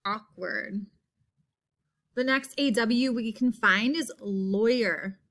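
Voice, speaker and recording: Female teacher, slightly high, unhurried; walks young kids through word sounds one by one. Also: a bit bright. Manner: slow, drawn-out repeating of word sounds. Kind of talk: phonics lesson for young children.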